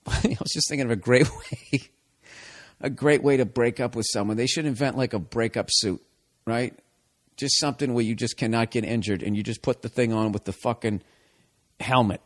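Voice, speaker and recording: A man's voice: mid-range voice, normal speed. A man hosting a podcast, giving blunt advice in a casual rant full of swearing. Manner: blunt, swears constantly, riffs.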